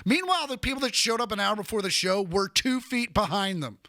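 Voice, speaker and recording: A man in his thirties spins comic stories on a podcast, his high voice bright and edged with gravel. He bounces into the voices of people he quotes. The sound is close and dry. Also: a little fast, no room sound. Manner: animated, acts out quoted voices. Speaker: podcast guest, comedian. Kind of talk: casual comedic storytelling.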